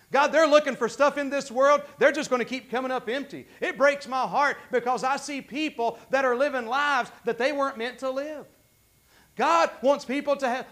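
A man with a very high-pitched voice delivers a sermon from the pulpit. He preaches in a fervent, conversational way, stumbling and restarting as his feeling rises. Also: fairly bright tone. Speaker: pastor.

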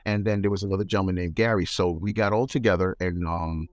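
Lively New man telling stories. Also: low voice, fast, no room sound, clean studio sound. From New York. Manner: animated, mimics voices in anecdotes. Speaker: guest entertainer. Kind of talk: casual interview storytelling.

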